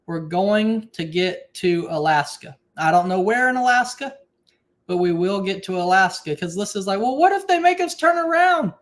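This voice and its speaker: A man with a drawl hosts a homestead livestream from his kitchen, picked up close on a phone or camera. He talks in a loose, chatty way and reads viewer comments aloud. At times he drops his voice to keep things quiet. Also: sits high. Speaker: livestream host. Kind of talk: casual live-stream chat.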